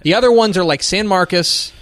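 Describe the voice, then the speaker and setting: This man has a slightly higher-pitched voice and talks in a relaxed, chatty way as a co-host. He tells animated stories and slips into the voices of the people he quotes. The sound is close and dry, with no room echo. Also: a little fast. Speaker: podcast co-host. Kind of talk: casual sports chat.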